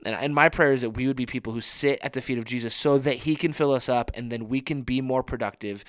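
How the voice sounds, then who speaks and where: A man's voice: mid-range voice, a bit bright, clear, resonant tone, no room sound, studio quality. A man preaching a conversational sermon, earnest and informal, often restarting his phrases.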